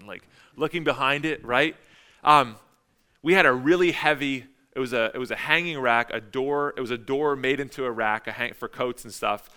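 Bright, clear-voiced male pastor preaching. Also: medium pitch. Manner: conversational, emphatic, repeats phrases. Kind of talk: sermon.

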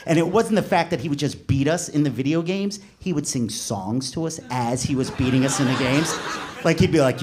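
A man in his forties doing a stand-up comedy set, telling a story in an animated way and shouting when he voices characters. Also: a little high, a little fast, background noise. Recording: live club with audience laughter. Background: audience laughing.

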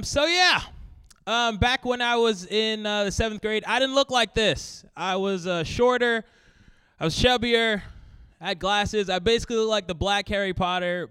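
A young man from Brooklyn telling a comic story from his childhood on stage, playful and lively, acting out his friends. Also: high voice, a little slow, clean tone, dry recording. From Brooklyn, New York. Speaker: storyteller, comedian. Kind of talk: live comedic storytelling.

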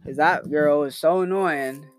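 A young man rambles through a home podcast in a hyper, loose, swear-heavy way. His voice sits a little high for a man. He talks close into a new microphone with a dry sound. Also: unhurried, dry recording, faint music behind. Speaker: podcast host. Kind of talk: casual podcast chat. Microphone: new desktop microphone.

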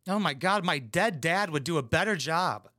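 A man's voice: fairly high pitch, lively intonation, normal speed, bright, forceful tone, dry recording, clean studio sound. A man giving crude, mocking, blunt commentary while reacting to a reality show. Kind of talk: casual profane commentary.

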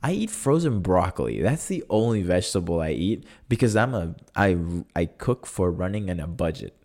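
Man, low voice, solo podcast host, loose rambling storyteller, dry sarcastic humor. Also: big pitch swings, moderate pace, darkish tone. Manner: chatty and rambling, full of "like" and self-corrections; wry and sarcastic.

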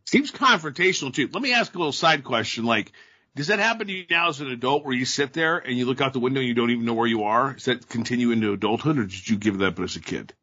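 Middle-aged male podcast co-host, bright and husky, rambling casual chat, dull lo-fi audio. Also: medium pitch, animated, quick pace. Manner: rambling, with many fillers.

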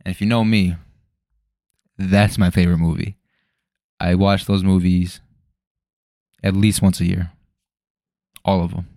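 A young man with a low, deep voice talks loosely into the mic. He rambles, swears freely and jumps between thoughts. The sound is dry and close. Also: little pitch movement, a little slow, long pauses, warm tone, dry recording. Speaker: podcast host. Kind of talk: casual solo podcast chat. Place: home room at night.

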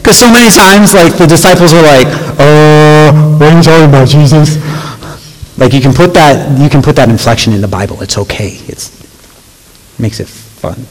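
A man preaches to a young audience in a relaxed, conversational tone, often checking in with them as he reads scripture aloud. His voice sits fairly high for a man. A long reverb trails his words, as in a large hall. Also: brisk. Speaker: youth pastor. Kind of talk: youth sermon.

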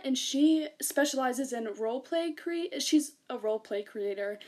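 Bright-voiced young woman presenting casually. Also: fairly high pitch. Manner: chatty, laughs often, fillers.

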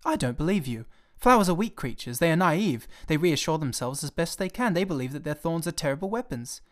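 A man's voice: mid-range voice, expressive, normal speed, close to an everyday voice. A man voicing a small, earnest and stubborn boy prince in a storybook reading, asking questions and growing indignant when upset.

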